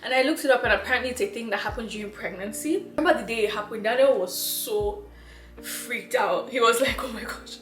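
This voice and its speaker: A woman's voice: a little high, brisk, a bit bright, soft background music. A young woman from Nigeria, out of breath, chatting casually to her viewers as a vlogger, laughing and repeating herself. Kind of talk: casual chat to camera. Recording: echoey room.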